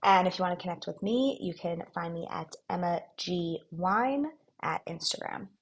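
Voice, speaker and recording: A woman with a lowish, gravelly voice talks casually as a podcast guest. She is relaxed and direct, with easy laughter between her points. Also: moderate pace. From New York area, United States. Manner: relaxed, laughs easily, plainly spoken. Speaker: guest, co-founder of a clothing brand. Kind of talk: casual interview chat.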